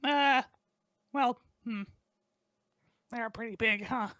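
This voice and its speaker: A woman playing a tabletop game in character, unhurried and musing, often trailing off. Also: on the high side, a bit bright, no echo, clean studio sound. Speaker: player.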